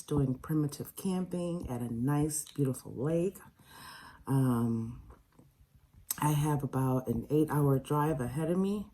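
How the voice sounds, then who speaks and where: A woman who has just woken up talks through her morning plans, her morning voice low and dark. She speaks slowly and loosely, trailing into fillers and restarts as she chats to her viewers. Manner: relaxed, chatty, with fillers and restarts. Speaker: vlogger. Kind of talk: casual vlog talk to camera.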